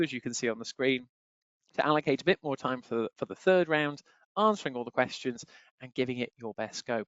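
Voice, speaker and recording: A man talks students through exam tips in a chatty webinar manner, leaning on the same filler phrases again and again. His voice sits at an ordinary middle pitch. The sound is dry and a little muffled, like a webinar recording. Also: no echo. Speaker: exam tutor. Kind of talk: webinar teaching. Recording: dry, slightly dull webinar audio.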